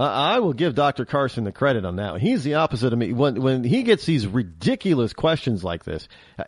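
A man hosting a political talk show, giving an animated opinion monologue and often repeating and restarting his words. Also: mid-range voice, dry recording, studio quality.

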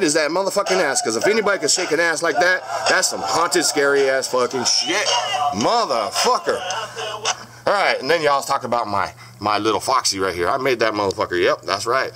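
A man's voice: a little high, noisy background. A man hosting a home vlog, talking to the camera in a profane, combative way and scolding his commenters. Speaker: channel host showing haunted dolls. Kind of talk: casual vlog monologue. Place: home room with dolls and crib. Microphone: camera on a stand.

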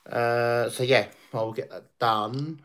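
A man's voice: mid-range voice, steady tone, takes it slowly, a bit bright. Chatty man livestreaming. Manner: chatty, laughs often, reads out chat comments. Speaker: livestream host. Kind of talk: casual chat to stream viewers.

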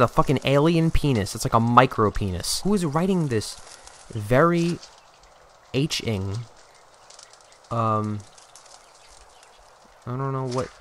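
Speaking in a bright, forceful voice of medium pitch, the gaming host curses and jokes his way through gameplay, berating his character directly. A little hiss or hum sits under the recording.

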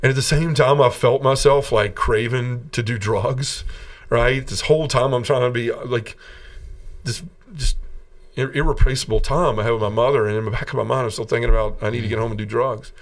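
A man's voice: medium pitch, steady tone, fairly quick, recorded from a distance. A man from Tennessee, a podcast guest, telling his personal story in an earnest and emotional way. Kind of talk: personal testimony in an interview.

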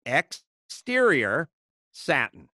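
Animated middle-aged man telling stories. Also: fairly high pitch, very slow, no room sound, clean studio sound. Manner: animated, acts out voices in anecdotes. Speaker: podcast host. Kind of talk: casual comedic storytelling.

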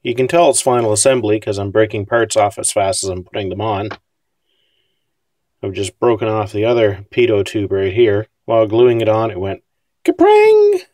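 Man, low voice, wry, self-deprecating, casual hobby build commentary, dry close sound. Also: a little mellow, no room sound. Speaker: scale model builder.

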